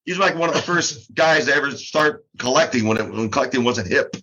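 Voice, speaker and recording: A man's voice: mid-range voice, fairly quick, pushed and bright, husky. An older man telling a story as a guest in a casual talk, chatty and laughing and trailing off with fillers, recorded on dull, lo-fi audio. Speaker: guest, drum shop co-owner.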